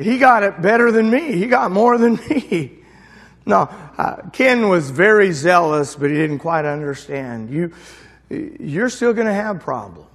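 A male pastor telling a story in a sermon, animated, with big swings from soft to loud, recorded in a church. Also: on the high side. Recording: echoey church hall reverb.

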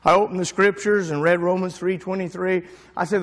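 A male pastor telling a story in a sermon, animated, with big swings from soft to loud, recorded in a church. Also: high voice, brisk. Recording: echoey church hall reverb.

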